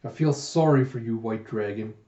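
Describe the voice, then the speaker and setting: A flippant, proud young dragon warrior in a storybook reading, sardonic and breezy in a mellow voice, as a man reads his lines. The sound is roomy and a little dull. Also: mid-range voice, moderate pace, voice pushed down, natural voice.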